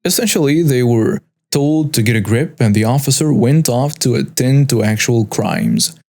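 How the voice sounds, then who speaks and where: A man's voice: mid-range voice, lively intonation, normal speed, darkish tone. A man reading out a first-person story as the narrator of a storytelling channel.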